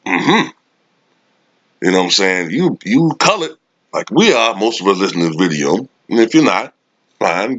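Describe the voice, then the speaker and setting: In a sarcastic, profane rant, a man gives casual sports commentary. His voice is low-pitched with a fairly bright tone, captured in a dull, lo-fi, dry recording with no room sound.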